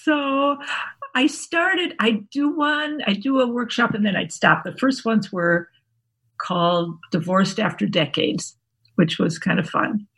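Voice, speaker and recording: Woman, 60s, interview guest, husky voice, chatty, frequent laughter. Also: mid-range voice, measured pace, fairly bright tone. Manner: chatty, laughs often, describes herself as an introvert. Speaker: guest, workshop founder. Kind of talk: casual interview storytelling.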